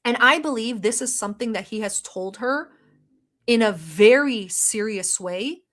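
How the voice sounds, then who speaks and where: A woman from the Middle East with a fairly high voice, commenting on clips in her non-native English. She is blunt and sarcastic and swears freely. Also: expressive, a little slow, a bit bright. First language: not English. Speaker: commentary vlogger. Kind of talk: reaction commentary.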